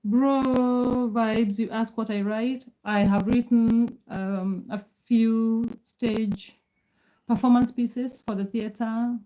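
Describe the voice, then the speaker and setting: Woman in her 40s from kenya chatting on a livestream, reading names off the chat, calm and mellow. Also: on the high side, poor audio. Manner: reads out viewer names and answers chat; calm, measured speech. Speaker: livestream host.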